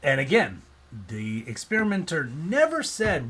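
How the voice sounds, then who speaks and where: A man's voice: medium pitch, animated, moderate pace, a bit bright, breathy edge. A man presenting a casual explanatory talk, loose and conversational, often acting out quoted reactions.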